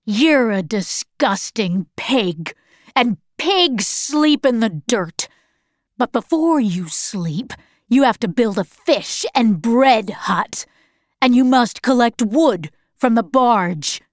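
A woman's voice: fairly high pitch, expressive, takes it slowly, dry recording, studio quality. A woman reading aloud, voicing a cruel, mocking male officer in a storybook. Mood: sneering. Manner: sneering, contemptuous.

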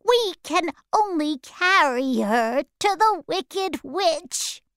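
A woman voicing a shrill, chattering flying monkey in a storybook reading, with a high squeaky put-on voice. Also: expressive, drawn-out words, fairly bright tone, no echo, clean studio sound, full character voice.

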